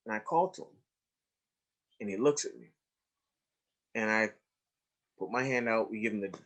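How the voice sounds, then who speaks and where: A man with a voice of ordinary pitch gives a trauma lecture over a webinar. He tells stories emphatically, slowing and stretching key words, sinking to near-hushes and then lifting up, and keeps checking in with "right?". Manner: emphatic storyteller, swings between hushed and raised, stretched phrases; addresses listeners directly with "right?" and "you see?". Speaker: trauma educator presenting a webinar.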